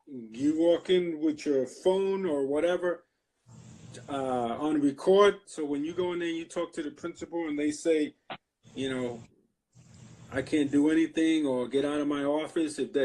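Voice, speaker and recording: A male interview host giving earnest advice, halting and filler-heavy. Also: a little high, a little mellow, low-quality recording. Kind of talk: casual interview.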